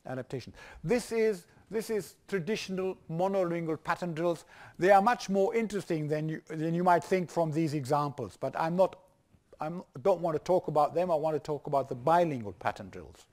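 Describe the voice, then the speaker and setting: A man's voice: a little high, normal speed, a little mellow. An older man with a German accent giving a university lecture, hesitant, with many restarts and fillers.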